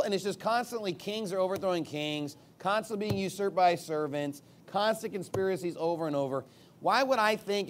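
A man preaching a sermon in an emphatic, combative way, with sarcastic asides and big swings in pitch and loudness. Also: a little hiss or hum.

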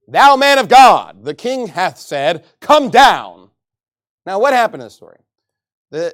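A man's voice: medium pitch, no room sound, studio quality. A man preaching a sermon, reading scripture aloud and mocking people by putting on voices. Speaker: pastor.

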